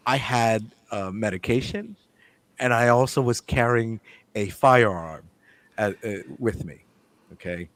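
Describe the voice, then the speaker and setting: A man telling a story in casual chat, swearing freely and acting out the dialogue with lively energy. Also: on the low side, slow pace, long pauses, no room sound. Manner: animated, profane, acts out the dialogue. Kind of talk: casual storytelling among friends.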